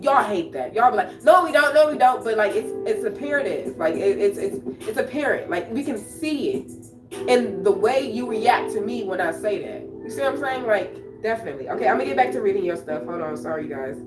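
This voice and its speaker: A woman talks on her livestream in a raw, confrontational way, circling back over the same phrases. Her voice sits at an ordinary middle pitch and comes from some distance off the mic. The room rings with echo, and clear music plays underneath. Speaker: poet and livestream host. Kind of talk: emotional livestream monologue.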